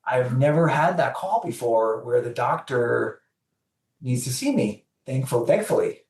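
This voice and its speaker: A man's voice: medium pitch, a little slow, roomy sound, recorded from a distance. A man telling a personal story as a podcast guest, acting out the voices of the people in it. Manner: animated storyteller acting out dialogue. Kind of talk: storytelling in an interview.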